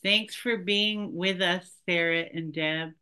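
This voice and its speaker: A woman's voice: lowish voice, steady tone, slow, pushed and bright, clean tone. A woman in her fifties co-hosting a podcast in casual, playful chat, with frequent laughs. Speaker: podcast co-host.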